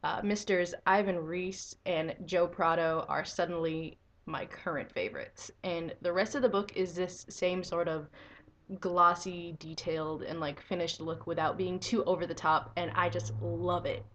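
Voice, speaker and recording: A young woman giving a casual video review of a comic book, excitable and swearing freely, breaking into enthusiastic squeals. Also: fairly low pitch, unhurried, slight background noise.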